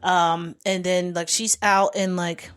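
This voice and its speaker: A woman's voice: on the low side, flat delivery, slow pace, smooth. A woman co-hosting a podcast, chatting casually as she recaps a TV show and acts out the characters' lines. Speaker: podcast co-host.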